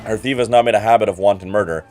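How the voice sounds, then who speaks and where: A man's voice: on the low side, very fast, a little mellow, soft background music, close to an everyday voice. A man reading aloud as a haughty, condescending male investigator from a game, in a formal, cool and superior manner.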